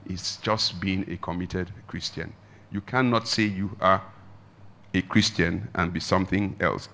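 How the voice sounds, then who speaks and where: This is a man preaching as a pastor: forceful and emphatic, he lurches between high and low, loud and soft, and lingers slowly on the words he wants to stress.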